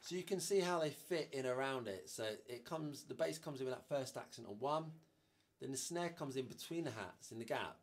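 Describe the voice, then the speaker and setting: A man's voice: medium pitch, expressive, a little fast, a little hiss or hum. Male drum teacher with a loose, chatty delivery and a mid-range voice, counting beats aloud. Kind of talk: instructional drum lesson.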